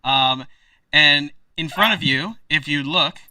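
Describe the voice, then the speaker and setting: A man running a tabletop role-playing game, describing scenes in a loose, rambling way full of fillers. His voice is fairly high and very bright, picked up dry and a little away from the mic. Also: takes it slowly, dry recording, far from the mic. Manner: rambling, many fillers like kinda and like. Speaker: game master.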